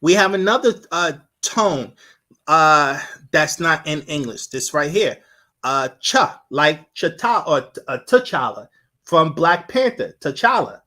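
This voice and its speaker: A man's voice: fairly high pitch, lively intonation, slow, sharp tone. A man giving a casual live-streamed lecture, rambling and repeating himself as he sounds out syllables.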